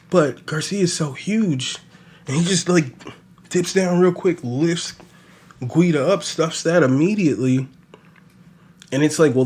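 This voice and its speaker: A man hosting a podcast, recapping fights in a casual, animated and profane ramble full of fillers. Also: medium pitch, husky. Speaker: podcast host. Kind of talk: casual solo sports recap.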